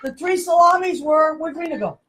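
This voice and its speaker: A woman, hosting a show with loud, laughing, rambling talk. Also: extremely high pitch, a little fast. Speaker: host. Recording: noisy room sound.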